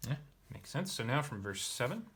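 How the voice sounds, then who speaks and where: A man's voice: mid-range voice, sing-song, moderate pace, background noise. A man teaching Latin, methodically parsing verb forms and thinking aloud as he reads through a text. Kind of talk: explaining Latin grammar while reading.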